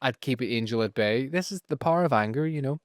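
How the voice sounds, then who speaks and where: A man with a Northern Irish accent recapping a TV episode in a casual podcast chat, telling it in a lively, profane way. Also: mid-range voice, quick pace, no echo, clean studio sound. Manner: animated, profane storytelling with frequent laughs. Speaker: podcast co-host.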